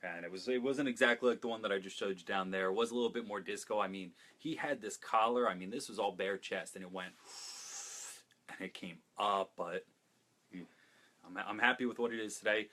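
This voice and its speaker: A man's voice: lowish voice, fairly quick, bright, forceful tone. A man hosting a casual fan talk show, chatting enthusiastically to the camera with jokey asides and frequent restarts. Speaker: host of a comics talk show.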